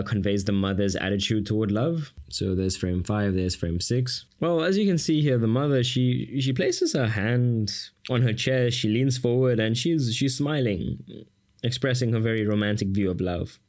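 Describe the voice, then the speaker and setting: A man's voice: on the low side, a little mellow. A man from South Africa with a South African accent, giving a casual exam-prep lesson as a tutor with sarcastic, jokey asides to the viewer.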